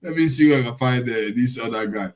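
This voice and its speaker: A man's voice: mid-range voice, fast talker, rough recording. A man hosting a show, chatting casually and laughing as he reacts to video clips. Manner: laughing, relaxed commentary on clips. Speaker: host.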